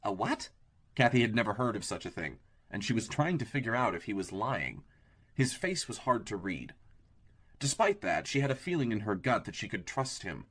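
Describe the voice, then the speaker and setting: A man narrating an audiobook in a steady, even storytelling manner. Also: lowish voice, moderate pace.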